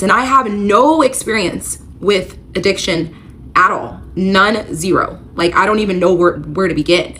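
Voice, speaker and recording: With a medium-pitched, slightly bright voice and a measured pace, a woman shares a painful account of her marriage in a confessional vlog. She speaks candidly and emotionally, leans heavily on "like," and is tearful at times.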